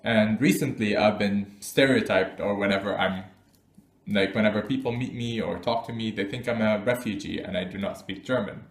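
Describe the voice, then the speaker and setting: A man's voice: fairly low pitch, normal speed. A man vlogging casually, telling personal stories to camera, often laughing and acting out what people said. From Arab. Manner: animated, laughs often, acts out quotes. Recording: echoey room.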